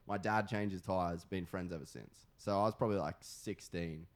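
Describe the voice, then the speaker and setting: A man's voice: sits low, steady tone, moderate pace, few pauses. A man in his twenties with an Australian accent, chatting casually on a podcast, rambling with lots of fillers and frequent swearing. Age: 20s.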